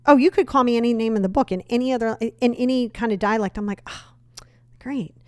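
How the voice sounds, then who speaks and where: A woman's voice: on the high side, quick pace, no room sound, studio quality. Blunt, emphatic woman podcast host. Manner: blunt, emphatic, frank with mild cursing. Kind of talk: motivational self-help talk.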